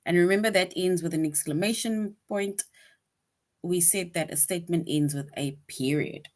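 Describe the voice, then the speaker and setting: This lesson for young children comes from a woman whose voice is on the low side. She moves slowly and patiently, reading sample sentences with emphasis and often pausing to ask "right?"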